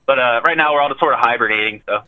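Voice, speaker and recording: A man's voice: mid-range voice, rapid-fire. A man, chatting casually and swearing freely from his parked car. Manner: laid-back, swears freely. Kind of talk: casual podcast chat. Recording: tinny phone line.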